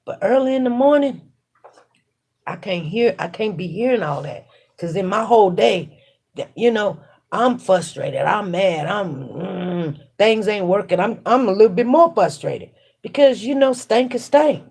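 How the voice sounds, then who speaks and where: This livestream host speaks at a medium pitch and moderate pace, with an expressive, darkish, slightly rough voice. She reflects casually while working, circling back over faith-centred thoughts with repetition and emphasis.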